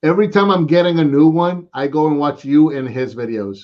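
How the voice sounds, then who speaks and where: An American man in a loose, rambling live chat. His voice sits a bit high for a man and comes through dull and lo-fi. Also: fairly quick. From United States. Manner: chatty, rambling, says "man" often. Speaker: co-host.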